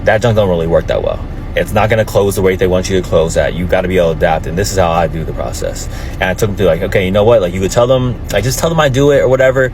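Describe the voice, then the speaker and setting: A man talks quickly and casually, rambling through his opinion. His voice is slightly low. He is outdoors, with passing traffic clearly audible. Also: darkish tone, poor audio. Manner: fast, conversational, rambling.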